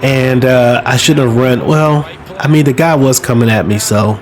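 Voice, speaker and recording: A man giving casual, chatty play-by-play of his own football video game, relaxed and self-mocking, now and then bursting out excitedly. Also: medium pitch, moderate pace. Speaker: podcast host playing a football video game. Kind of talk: casual play-by-play commentary while gaming. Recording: game crowd noise behind the voice. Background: stadium crowd sound from the game.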